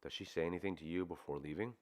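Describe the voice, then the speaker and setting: A man reading the part of a calm male hypnotherapist, asking steady, guiding questions. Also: low voice, racing, close to an everyday voice.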